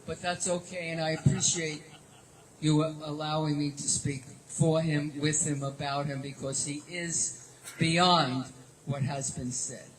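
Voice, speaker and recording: A woman's voice: low voice, steady tone, unhurried. An older woman giving a heartfelt, rambling tribute speech at a gathering, affectionate and effusive. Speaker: tribute speaker. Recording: noisy live event audio.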